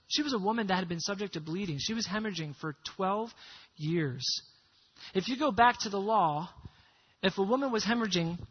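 A man with a high, husky voice preaches to a congregation, explaining scripture with lively emphasis and calling on them to say words back. The recording is dull and muffled, like a lo-fi church tape. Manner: lively teaching, has the congregation repeat words. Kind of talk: sermon.

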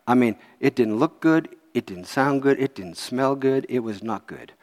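A man's voice: medium pitch, moderate pace, big-room sound. A man preaching a sermon as a pastor, telling a story with jokes and asides to the congregation. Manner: animated, jokey, chuckles to the crowd.

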